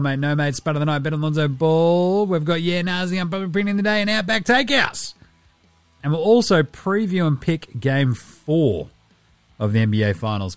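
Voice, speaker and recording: Fairly high-pitched and recorded with no room sound, this Australian man hosts a loose sports podcast, swearing, joking and acting brash while doing voices for quotes.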